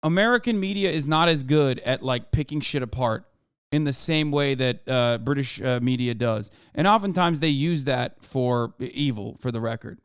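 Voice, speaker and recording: A man's voice: medium pitch, moderate pace, clean tone, dry recording, clean studio sound. A male streamer host giving blunt, profane reaction commentary in a casual, riffing way.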